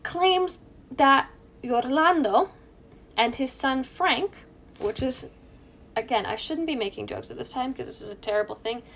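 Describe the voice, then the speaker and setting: A woman's voice: high voice, measured pace, fairly bright tone, slight background noise. A woman co-hosting a true crime podcast, chatting casually, joking and laughing at her own asides. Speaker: podcast co-host.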